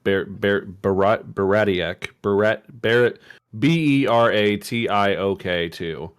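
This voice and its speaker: A man reading out chat messages in a halting way, stumbling over words. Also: fairly low pitch, clear, resonant tone. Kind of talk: casual chat.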